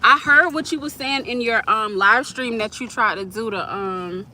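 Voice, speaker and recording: A woman's voice: on the high side, normal speed, bright, forceful tone, slight background noise. A woman live-streaming from her parked car, chatting casually and answering viewers' comments. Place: parked car at a curbside pickup.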